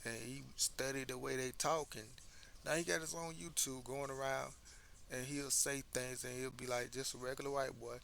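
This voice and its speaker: An American man hosts a casual commentary monologue, pressing his points emphatically and stumbling over repeated words. His voice has a gravelly, creaky edge and a bright, forward tone. A faint hiss of background noise sits under the recording. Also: mid-range voice, little pitch movement, moderate pace. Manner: conversational, emphatic, repeats words when restarting. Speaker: commentary host.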